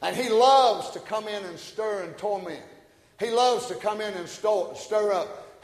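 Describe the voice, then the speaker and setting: A man preaching a sermon, folksy and joking, swinging from quiet asides to shouted peaks. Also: high-pitched, measured pace. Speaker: pastor. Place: church sanctuary. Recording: echoey hall, church room.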